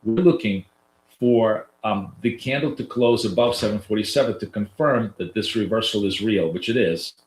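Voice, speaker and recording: A man's voice: on the low side, moderate pace, a little hiss or hum. A man with a nasal voice, giving loose, chatty live trading commentary to viewers as a coach, with lots of fillers and restarts. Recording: roomy echo.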